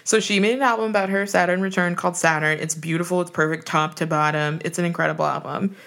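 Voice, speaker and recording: A woman in her thirties co-hosts a podcast in a loose, chatty way. Her voice sits a little low for a woman, and she laughs easily and swears playfully. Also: steady tone, fast, a bit bright. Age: 30s. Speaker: podcast co-host. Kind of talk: casual chat.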